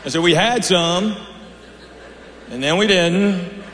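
On stage in a big hall, a middle-aged comedian tells dry, chatty stories and turns to the audience with asides. His high-pitched, fairly bright voice has lively intonation, and he speaks unhurriedly with frequent pauses. Faint noise and spacious reverb fill the recording.

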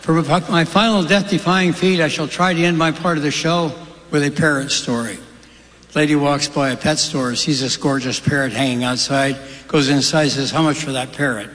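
A man doing stand-up, telling jokes one after another in a deadpan delivery on a stage. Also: fairly high pitch, moderate pace, in a large hall. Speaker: stand-up comedian.

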